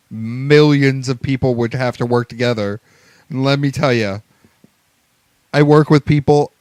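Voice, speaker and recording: A male podcast co-host trades dry, teasing banter in casual chat. His voice sits at a middle pitch and is recorded close in a dry room. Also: no echo.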